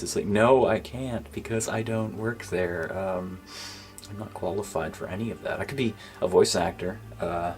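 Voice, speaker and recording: Deep-voiced gamer guy doing a casual vlog, kinda down, lots of ums, trails off into whispers. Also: a little mellow. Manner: subdued and halting, many fillers, drops to near-whisper. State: low-spirited. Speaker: gaming YouTuber. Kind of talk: casual thank-you vlog. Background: faint background music.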